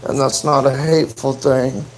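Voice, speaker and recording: A man live streaming from his phone outdoors, rambling and halting, full of fillers and swearing. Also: mid-range voice, level tone, noisy background. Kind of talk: emotional casual live stream monologue.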